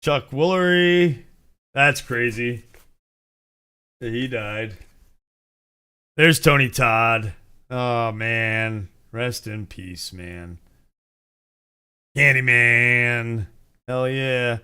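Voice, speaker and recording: A man's voice: medium pitch, drawn-out words, pauses often, sharp tone, clean tone. A man in his forties from the United States, hosting a casual entertainment news chat, rambling and swearing with frequent laughs. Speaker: host.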